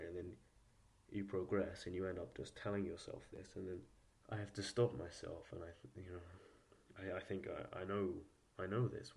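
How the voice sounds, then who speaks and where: A man hosting a solo podcast, thinking aloud in a halting, rambling way with many restarts, his voice a little posh and nasal. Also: low-pitched, gravelly, darkish tone. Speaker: podcast host. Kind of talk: solo reflective podcast monologue.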